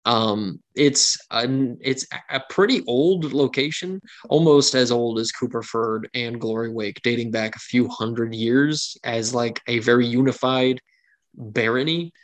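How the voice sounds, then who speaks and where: A man narrating a tabletop game as game master, in a casual, descriptive way with the odd filler. His voice sits at an average pitch. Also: a little slow.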